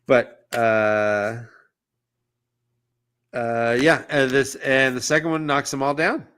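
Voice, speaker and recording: A man co-hosting a casual book discussion, recapping the plot with jokey, animated asides. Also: medium pitch, takes it slowly, clear, resonant tone. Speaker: podcast co-host.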